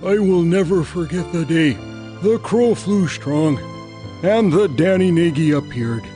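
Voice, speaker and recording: This is a solemn old tribal chief, put on by a man in a comedy promo sketch. He speaks slowly and ceremonially, with a lifted pitch that swings widely. Faint music sits underneath. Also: animated, dark tone. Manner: slow, ceremonial, portentous delivery.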